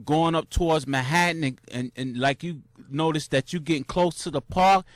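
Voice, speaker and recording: A young man casually recounting a marathon, animated and full of slang, jumping into high shouts when he acts out cheering crowds. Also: normal speed, dry recording, clean studio sound. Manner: loose, repetitive slang with many restarts. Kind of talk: casual storytelling monologue.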